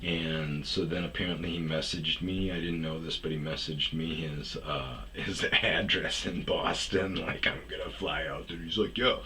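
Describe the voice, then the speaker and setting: A man's voice: a bass voice, a little slow, hardly any pauses, slight background noise. Profane man telling a rambling story. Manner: profane, animated, mimics others in raised voice. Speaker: storyteller host. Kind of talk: casual monologue storytelling.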